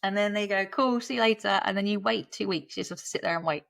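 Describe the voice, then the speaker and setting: A woman's voice: mid-range voice, steady tone, fast, creaky, fairly bright tone, dry recording. A woman in her thirties, a podcast guest telling her story in a chatty, candid way, laughing often and breaking off mid-sentence.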